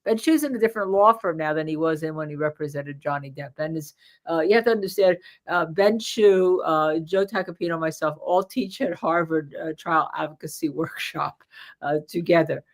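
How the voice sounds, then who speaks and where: A woman's voice: low voice, moderate pace. A woman trial lawyer with a New Jersey accent, co-hosting a casual legal commentary show, chatty with many fillers and restarts.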